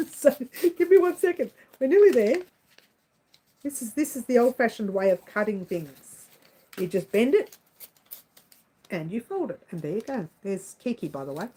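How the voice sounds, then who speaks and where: A chatty woman hosting a casual livestream and talking to viewers by name. Her voice sits a little high, and she keeps a lively, animated flow of talk. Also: slight background noise, poor audio. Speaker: livestream host.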